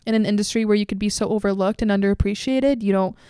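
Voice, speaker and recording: A woman's voice: medium pitch, fast, warm tone, clear, resonant tone, no room sound, clean studio sound. A young woman in her twenties hosting a podcast, gushing and emotional in casual chat, swearing freely. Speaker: podcast host.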